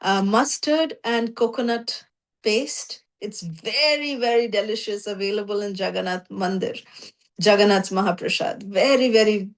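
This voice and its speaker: A woman's voice: medium pitch, moderate pace. A woman teaching a scripture class, telling the story animatedly with many 'you know' fillers. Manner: animated storytelling, acting out voices.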